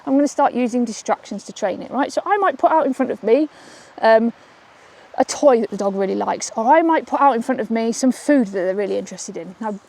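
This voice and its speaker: Upbeat female dog trainer, slightly high voice, filmed outdoors on a walk. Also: animated, a little fast, gravelly, a little mellow. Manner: chatty, upbeat, keeps asking "okay?". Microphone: camera she holds while walking.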